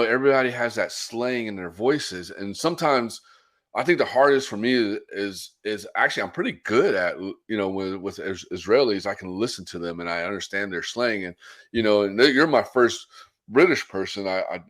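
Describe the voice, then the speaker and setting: A man's voice: fairly low pitch, moderate pace, a bit bright. An American man hosting a casual podcast interview, laughing easily and restarting his sentences as he talks. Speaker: podcast host.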